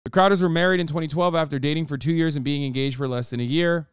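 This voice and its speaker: A man's voice: on the high side, fairly even intonation, fast talker, clear, resonant tone, no room sound, clean studio sound. A man streaming, reading a news article aloud and breaking off into profane, incredulous asides. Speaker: streamer and commentator. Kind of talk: casual reaction commentary, reading an article aloud.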